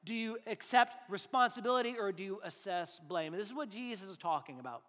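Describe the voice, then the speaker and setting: A man's voice: extremely high pitch, animated, brisk, few pauses, pushed and bright. A male pastor preaching a conversational sermon with jokes, acting out little quoted voices along the way. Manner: joking, conversational, acts out quotes. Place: church sanctuary. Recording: long hall reverb.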